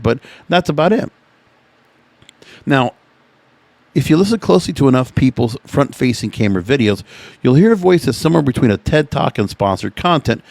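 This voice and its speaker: Lively, opinionated male podcast host. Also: medium pitch, no room sound. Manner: opinionated, chatty, reacting to what he reads aloud. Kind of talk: casual podcast commentary reading from an article.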